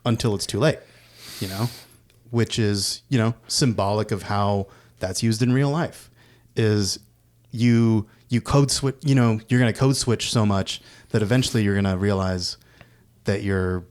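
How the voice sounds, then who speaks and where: A man's voice: fairly low pitch, measured pace. A man co-hosting a podcast, chatting casually about movies with frequent laughs and asides. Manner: laughs often, lively asides. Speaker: podcast co-host. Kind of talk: casual film discussion.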